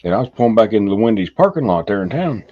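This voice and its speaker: A man's voice: on the low side, sing-song, rapid-fire. A man telling a rambling story in casual chat, laughing at his own punchlines. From southern US. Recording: muffled lo-fi audio.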